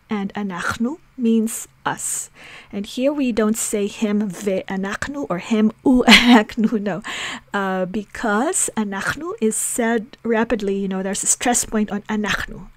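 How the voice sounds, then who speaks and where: A woman's voice: mid-range voice, measured pace, no echo. A woman teaching a language lesson, patiently explaining rules and repeating example phrases.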